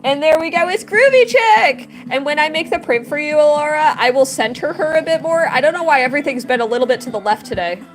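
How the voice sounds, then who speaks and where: A woman's voice: sits high, quick pace, hardly any pauses, faint music behind. A woman in her thirties chatting casually with her livestream audience while she draws. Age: 30s. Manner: chatty, talking to chat while drawing. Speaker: livestream artist.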